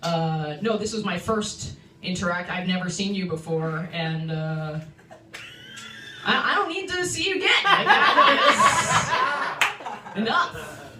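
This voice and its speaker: A woman's voice: mid-range voice, animated, slow, long pauses, reverberant, recorded from a distance. A young woman from New York City doing a stand-up set at an open mic, chatty and self-interrupting, laughing at her own jokes, recorded from a phone in a small room. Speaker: stand-up comedian. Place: small comedy room indoors. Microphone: phone livestream from the room.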